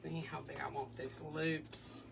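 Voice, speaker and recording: A woman's voice: low-pitched, flat delivery, moderate pace, creaky, recorded from a distance, music in the background. A woman hosting a casual wreath-making tutorial in her home craft room, chatty and bubbly. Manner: chatty, bubbly, breaks into little sing-song bits. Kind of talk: casual crafting demo chat.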